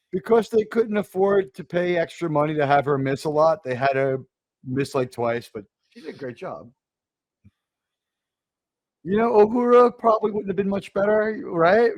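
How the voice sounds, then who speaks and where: An American man hosting a casual online panel, joking around with quick asides and loud bursts. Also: a little high, no room sound. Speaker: panel host.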